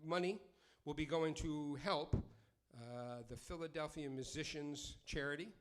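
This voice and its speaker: A middle-aged man on a live stream, talking in a loose, halting way between numbers. When he performs, his slightly raised voice settles into a driving, rhyming spoken word beat, full of sardonic jabs and profanity. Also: a little high, crowd noise.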